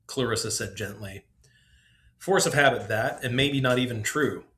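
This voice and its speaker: A man reads his own story aloud on his podcast. His narration is measured and descriptive, at a middling pitch. He keeps a steady storytelling pace. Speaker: podcast host.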